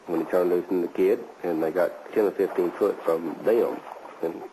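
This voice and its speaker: A man with a Texan accent recounting shooting at an alligator, plain and halting. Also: deep voice, steady tone. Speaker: neighbor who shot the alligator. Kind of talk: documentary interview. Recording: voice far off, clear noise.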